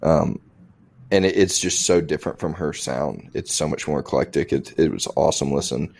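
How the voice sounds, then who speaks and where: A man's voice: extremely low pitch, moderate pace, vocal fry, darkish tone. A young man co-hosting a music podcast in casual chat, blunt and swearing heavily. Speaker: podcast co-host.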